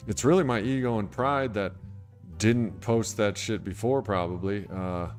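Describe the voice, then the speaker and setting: Man, livestream host, casual rambling talk, answering chat, soft music in back. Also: on the low side, moderate pace. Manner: rambling, laid-back, reads chat comments aloud.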